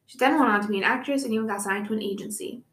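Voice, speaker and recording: A woman's voice: a little high, racing, fairly bright tone. A young woman co-hosting a podcast, telling a true-crime case in a casual way with chatty asides. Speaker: podcast co-host presenting the case. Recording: echoey room.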